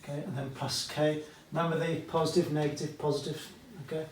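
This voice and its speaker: A man's voice: on the high side, little pitch movement, a little fast, a little hiss or hum. A British man teaching a maths lesson at a whiteboard, chatty and fond of asides, checking in with "okay?" often. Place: classroom with whiteboard. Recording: echoey room, voice from far off.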